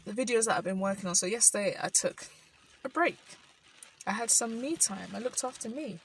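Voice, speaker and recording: A woman's voice: mid-range voice, fairly quick, distant mic, slight background noise, low-quality recording. A young woman from South London with a London accent, talking thoughtfully in a personal vlog, with many "like" fillers. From South London, England. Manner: thoughtful, frequent "like" fillers, soft laughs. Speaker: vlogger. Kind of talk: reflective personal monologue. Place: indoors while rain falls outside.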